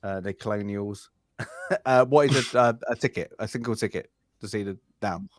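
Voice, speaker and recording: A man's voice: fairly low pitch, moderate pace, dry recording, clean studio sound. A man chatting on a livestream, working through his points aloud with many hesitations. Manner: thinks aloud with many uhs. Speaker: panel guest. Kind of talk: casual livestream chat.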